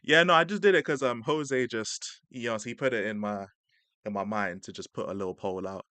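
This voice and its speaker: A man's voice: fairly low pitch, brisk, bright, forceful tone, no room sound. Laid-back young man streaming. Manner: laid-back slang-heavy chat, laughing often. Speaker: stream host reacting to a clip. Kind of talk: casual live-stream reaction.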